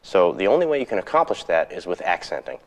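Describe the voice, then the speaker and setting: Male guitar teacher, very low voice, easygoing, counts rhythms out loud for a lesson tape. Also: fast talker. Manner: relaxed, counts rhythms aloud. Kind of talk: instructional video lesson. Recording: 1990s instructional videotape.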